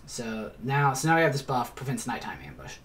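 A man's voice: mid-range voice, very animated, a little fast, a bit bright, a little hiss or hum. A man giving casual gameplay commentary as a let's player, chatty, explaining as he plays, swearing now and then and muttering asides to himself.

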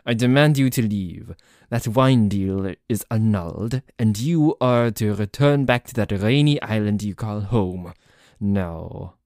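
A man's voice: on the low side, slow pace, dark tone, dry recording, clean studio sound. A man voicing a protective young French nobleman with a put-on French accent, commanding toward a rival and tender toward his partner, in an audio role-play. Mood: indignant. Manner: indignant, commanding, then tender. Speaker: voice actor.

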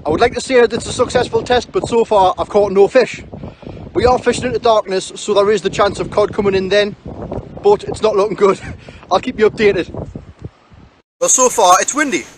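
A man's voice: high-pitched, steady tone, brisk. A man explaining his fishing setup in a matter-of-fact way on a windy beach. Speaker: angler vlogger. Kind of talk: casual outdoor vlog commentary. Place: open beach on a windy evening.

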